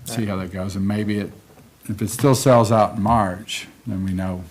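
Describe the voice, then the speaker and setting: A man's voice: lowish voice, steady tone, moderate pace. Man chairing a city meeting. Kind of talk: chairing a public work session.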